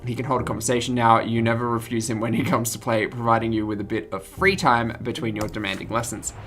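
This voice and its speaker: A woman's voice: very deep voice, fairly even intonation, quick pace. A woman streamer reading game text aloud with jokey asides, giggling and tripping over words.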